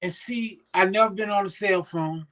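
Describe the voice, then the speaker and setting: Older guy with a high voice, telling stories in a sit-down chat, does the voices of people he quotes. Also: normal speed. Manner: animated, acts out quoted voices. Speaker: interview guest. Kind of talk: storytelling in casual conversation.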